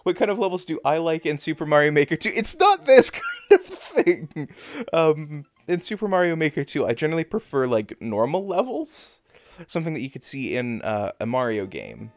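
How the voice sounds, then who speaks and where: Lively joking man from Canada streaming. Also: on the high side, fast. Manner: rambling, joking, laughs often. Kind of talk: casual chat while gaming.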